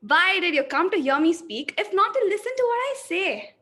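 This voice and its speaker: A woman takes on a haughty, unyielding female force that calls itself life and truth. It declaims in a high voice. The tone stays scornful and superior. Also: sing-song, moderate pace, bright, forceful tone, full character voice. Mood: agitated, insistent.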